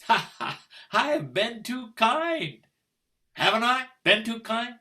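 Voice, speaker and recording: A man's voice: very high voice, big pitch swings, slow, bright, forceful tone, exaggerated voice. An older man playing a cold, formal husband, on a video call, speaking with precise diction and sarcastic menace. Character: stiff, icy English husband Richard, middle-aged. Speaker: stage actor. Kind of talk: stage play reading over video call.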